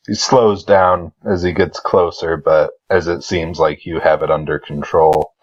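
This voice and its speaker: A man running a tabletop game as dungeon master, halting with many pauses and throat clears. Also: low voice, steady tone. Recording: dull lo-fi sound.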